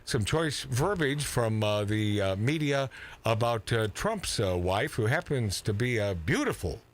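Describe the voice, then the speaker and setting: A man hosting an irreverent political talk radio show, loud and mocking, interrupting often with many fillers. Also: mid-range voice, very animated, measured pace.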